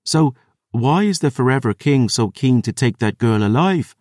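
A man voicing a fierce, sharp-tongued young woman warrior in an audiobook, brash and mocking. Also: medium pitch, animated, moderate pace, no echo, studio quality, pitched above the performer's own voice, close to an everyday voice. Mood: suspicious. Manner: brash, mocking, dialect-flavoured.

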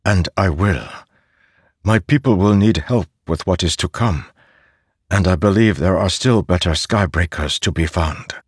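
A man reading an audiobook and voicing a weary, grieving male warrior in a quiet, solemn way. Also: sits low, unhurried, breathy edge, no room sound, clean studio sound. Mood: resolute.

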